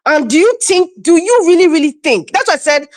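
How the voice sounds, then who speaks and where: A woman's voice: extremely high pitch, animated, brisk, a little mellow, no echo. A woman from Nigeria on an online panel, arguing her point insistently and often repeating herself. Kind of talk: heated online panel debate.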